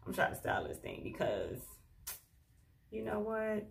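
A woman's voice: a little high, sing-song, moderate pace, vocal fry, bright, forceful tone, a little hiss or hum. Chatty exasperated woman vlogger. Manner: exasperated, chatty, talks to viewers as "y'all". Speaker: beauty vlogger. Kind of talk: casual hair tutorial chat.

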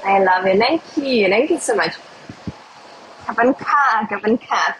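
A young woman from Russia with a Russian accent, chatting casually with viewers on a phone livestream in halting, simple English. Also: mid-range voice, expressive, slight background noise, rough recording. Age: young adult. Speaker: livestream host.

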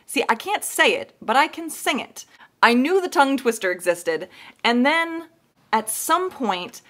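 A woman's voice: high-pitched, animated, measured pace, fairly bright tone. A woman chatting casually to the camera as a musician host, talkative and self-deprecating with frequent laughs. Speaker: ukulele cover musician and channel host.

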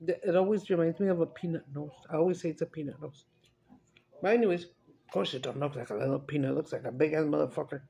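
Brief: woman vlogger, gravelly voice, rambling eat-and-chat storyteller. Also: sits low, fairly even intonation, fast talker, warm tone. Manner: rambling chatty storyteller, mixes in Spanish, laughs often. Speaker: mukbang vlogger. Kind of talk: casual chat while eating.

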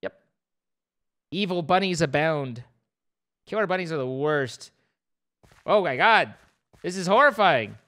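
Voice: medium pitch, animated, unhurried, long pauses, fairly bright tone. A young adult streamer giving playful, rambling live commentary over a game, breaking into squeals of mock panic.

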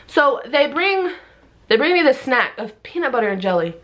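A young woman vlogger telling a story in a casual, animated way, acting out everyone in it with big jumps in her voice. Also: medium pitch, normal speed.

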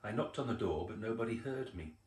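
A man's voice: lowish voice, expressive, brisk, darkish tone, far from the mic. An older man voicing a polite, apologetic little mole in a storybook reading. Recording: roomy echo.

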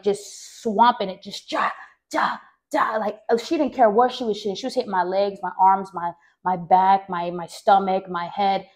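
A woman from Mexico hosting a podcast and recounting her own life story. She rambles, corrects herself mid-sentence and leans on "like" as a filler. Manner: acts out quoted voices louder and higher. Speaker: podcast host.

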